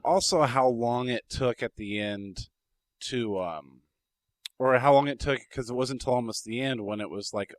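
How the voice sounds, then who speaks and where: A man's voice: medium pitch, moderate pace, dry recording. A man co-hosting a podcast in casual chat, blunt, swearing casually and telling stories. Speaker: podcast co-host.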